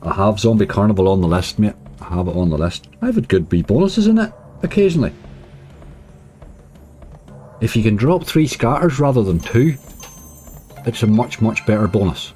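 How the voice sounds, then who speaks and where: A man's voice: on the low side, sing-song, moderate pace, pauses often, dark tone, soft background music. A man casually commenting on his slot play, chatty and cheering when bonuses land. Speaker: slots streamer.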